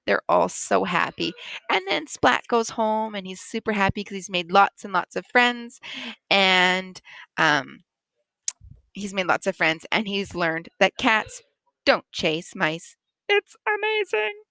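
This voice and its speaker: A woman teacher retelling a picture book to children, animated and expressive, with frequent laughs. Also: medium pitch, takes it slowly, creaky, no room sound.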